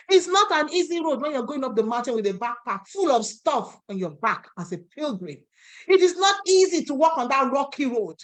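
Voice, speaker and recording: A woman's voice: sits high, a bit bright. A woman with a Nigerian accent preaching an impassioned sermon, now and then acting out voices in the story she tells.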